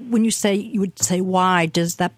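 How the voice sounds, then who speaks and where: A woman's voice: mid-range voice, steady tone, brisk, a little mellow, no room sound, clean studio sound. A woman hosting a radio interview, speaking hesitantly with many "um"s and restarts. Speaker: talk show host.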